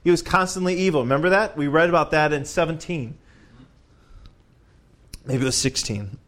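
A man's voice: a little high, normal speed, long pauses, fairly bright tone. A man leading a Bible study, reading scripture aloud and breaking off for conversational asides and questions to the group. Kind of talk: reading scripture with casual commentary.

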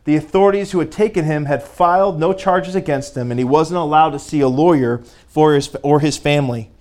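Fervent preacher, slightly high voice. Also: male voice, a little fast, a little mellow. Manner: reads a story aloud and stops to speak to the congregation, rising to fervent. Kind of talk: sermon.

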